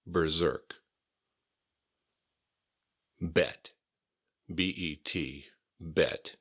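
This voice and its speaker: Here an American-accented man, his voice deep and a bit bright, teaches English pronunciation. The drills are slow and careful as he repeats words and spells them letter by letter.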